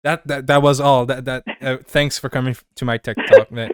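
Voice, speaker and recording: A man co-hosting a casual podcast, halting and hesitant, swearing freely. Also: mid-range voice, flat delivery, smooth, dry recording, clean studio sound. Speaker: podcast co-host.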